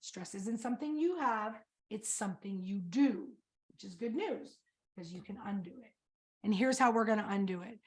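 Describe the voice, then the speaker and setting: High-voiced energetic woman coach teaching. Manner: energetic, quizzes the audience with questions. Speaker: coach and presenter. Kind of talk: webinar presentation.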